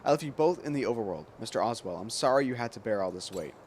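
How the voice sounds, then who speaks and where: A man reading the lines of an earnest, caring young woman doctor in his own soft voice, over game music. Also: medium pitch, expressive, fast, a little hiss or hum, lightly acted. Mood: apologetic. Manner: reads her lines aloud softly.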